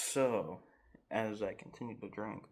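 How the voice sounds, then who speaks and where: A man in his garage telling a rambling, animated story time with laughs and restarts. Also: lowish voice. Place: home garage.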